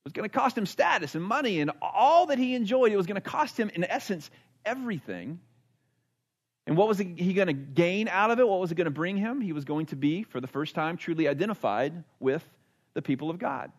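A man preaching a sermon in an earnest, emphatic way, sometimes dropping to a hushed tone for effect. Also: sits high, lively intonation, brisk. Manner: earnest, emphatic preaching with dramatic drops to a hush. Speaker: pastor.

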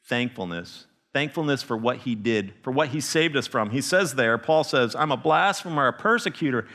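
A man preaching a sermon as a missionary, telling stories with animated emphasis and frequent restarts. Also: mid-range voice, moderate pace, few pauses. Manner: animated storytelling with restarts, rising to emphatic peaks.

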